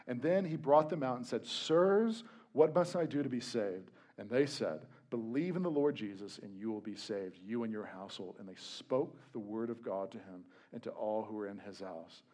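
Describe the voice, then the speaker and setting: Casting: young adult male pastor, chatty animated sermon delivery with jokey asides, mid-pitched voice. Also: moderate pace, few pauses.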